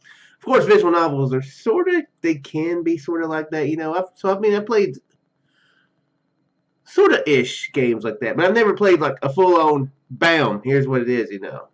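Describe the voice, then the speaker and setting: A man with a slightly hoarse, froggy voice talks his way through a text game in a loose, rambling way, full of fillers and false starts. His pitch rises and falls with lively swings, and the sound is dull and lo-fi. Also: normal speed. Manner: rambling, self-deprecating, many fillers and restarts. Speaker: gamer reading a text adventure aloud. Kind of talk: casual let's-play commentary and reading.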